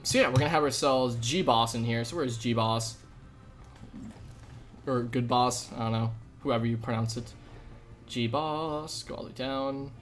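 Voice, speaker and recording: A man on a live game stream banters with viewers in a cheerful, slang-heavy way. His voice is medium-pitched and a bit bright, recorded through a desk USB mic.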